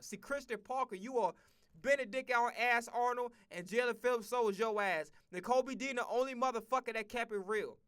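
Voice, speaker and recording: A man's voice: very high voice, normal speed, bright, forceful tone, clear, resonant tone. A man streaming a casual football rant, blunt and profane, full of slang and repeated phrases. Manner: profane, blunt, heated ranting.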